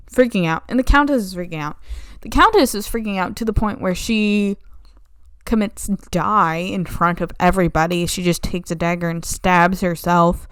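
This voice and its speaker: A woman's voice: on the low side, fairly bright tone, clean tone, dry recording, studio quality. A young woman recapping a play's plot in a flippant, sarcastic, casual way. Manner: flippant, sarcastic, slipping into mock voices. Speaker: video essayist.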